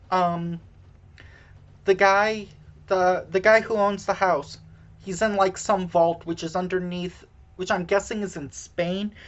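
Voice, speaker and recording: Slow, low-voiced woman rambling through a recap. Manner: halting, many fillers, self-deprecating asides. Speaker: movie recap vlogger. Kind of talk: casual rambling plot recap. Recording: dull lo-fi recording.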